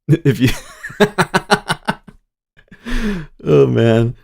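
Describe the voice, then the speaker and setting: Gravelly-voiced man chatting on a livestream. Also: mid-range voice, extremely slow, dark tone. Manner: easygoing, chuckles often, talks to viewers. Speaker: day trading livestream host. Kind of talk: casual live-stream chat.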